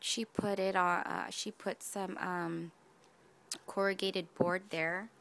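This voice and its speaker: A woman's voice: lowish voice, flat delivery, slow pace, a bit bright. A woman craft vlogger gushing over gifts in a casual unboxing video, addressing her viewers directly. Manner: gushing, effusive, talks to viewers.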